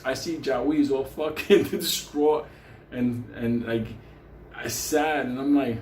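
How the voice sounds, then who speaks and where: A man's voice: medium pitch, fairly even intonation, slow, a little mellow. Profane New storyteller man, roomy sound. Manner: crude, rambling, laughs often. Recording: roomy echo with faint hum.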